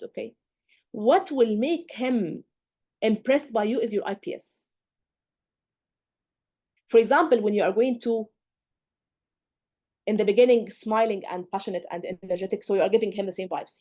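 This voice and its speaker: A woman tutor lectures a class of exam candidates. Her voice sits a little high, and she speaks emphatically and directly. She keeps checking that the class is following. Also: darkish tone. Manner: coaching, direct. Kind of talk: live lecture.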